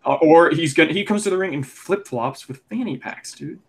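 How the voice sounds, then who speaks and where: A young man co-hosting a casual wrestling podcast, rambling and animated, full of fillers. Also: a little high, fairly quick, slightly rough. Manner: chatty, rambling, animated opinions with lots of fillers. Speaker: podcast co-host.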